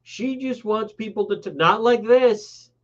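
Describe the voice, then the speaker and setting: A man's voice: high-pitched, measured pace. A man hosting a radio talk show, delivering a blunt, sarcastic and scolding monologue from the studio. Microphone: studio broadcast mic. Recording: muffled radio broadcast audio.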